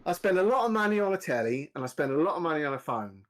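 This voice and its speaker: A man's voice: a little high, very animated, racing. A man, grumbling bluntly and swearing freely in casual podcast chat. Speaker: podcast co-host.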